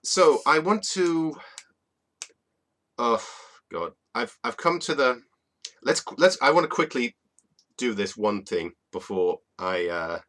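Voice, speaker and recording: A man co-hosting a casual online chat show, talking in animated bursts. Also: medium pitch, slow, long pauses. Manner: animated, rants with rising exasperation. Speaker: co-host.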